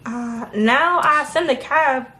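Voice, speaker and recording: A woman with a somewhat high voice tells a story in relaxed, casual chat. She is animated, often laughs, and acts out what other people said to her. The sound is echoey, as though recorded in a bare room. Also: slow pace, a little hiss or hum.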